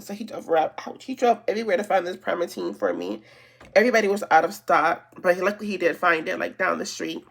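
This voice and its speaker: A beauty vlogger with a lowish, slightly bright voice, some vocal fry and lively intonation chats fairly quickly as she gets ready. Her long story rambles along with plenty of fillers and restarts.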